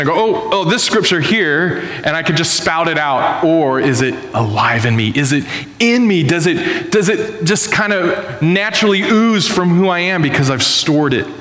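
A man in his thirties preaching a sermon to a congregation in a casual, animated storytelling way. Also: a little high. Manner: animated storytelling, acting out voices. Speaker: pastor. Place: church hall. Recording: echoey hall with long reverb.

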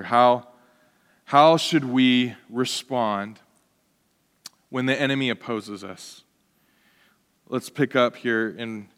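A man's voice: medium pitch, a bit bright, clear, resonant tone, in a large hall. A male pastor preaching a sermon, earnest and exhorting, often posing rhetorical questions.

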